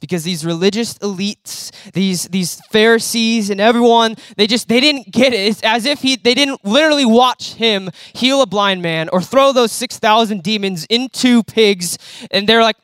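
A young man preaching a conversational sermon in a church hall, animated and acting out the quotes he tells. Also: high voice, moderate pace, clean tone, studio quality.

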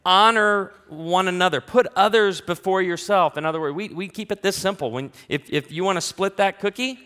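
A man preaching a sermon, telling humorous family stories in an animated way and bursting into loud acted quotes. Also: high-pitched, normal speed, smooth, in a large hall. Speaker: pastor.

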